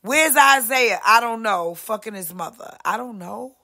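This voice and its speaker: A woman hosting a podcast, delivering a profane, brash monologue rant and slipping in quick impressions of other people. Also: a little high, lively intonation. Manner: profane, brash, swings loud and soft, voices other people mid-rant. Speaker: podcast host.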